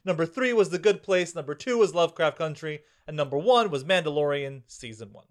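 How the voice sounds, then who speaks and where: High-voiced guy on a podcast, teasing his cohosts, laughs a lot. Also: expressive, a little fast. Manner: wry, teasing, laughs at the others. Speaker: podcast co-host. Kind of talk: casual podcast banter.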